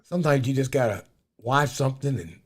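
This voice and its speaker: A man's voice: medium pitch, lively intonation, fairly quick. A man in his fifties co-hosting a talk show, chatting casually in a blunt, joking way with plenty of cursing. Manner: blunt, profane, joking storyteller. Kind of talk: casual chat.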